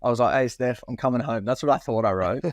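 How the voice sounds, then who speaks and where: A man's voice: mid-range voice, quick pace, no room sound, studio quality. Laid-back man telling a story. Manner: laid-back, swears freely, acts out his own past lines. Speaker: podcast co-host. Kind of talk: casual storytelling chat.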